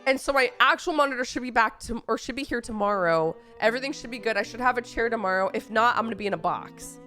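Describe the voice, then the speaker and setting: A young woman streamer with a slightly high voice, fighting off a cold as she chats. She rambles through a long story, breaking off into exasperated asides. Soft music plays behind her. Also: fast talker. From Texas. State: sick with a cold. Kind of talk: casual livestream chat.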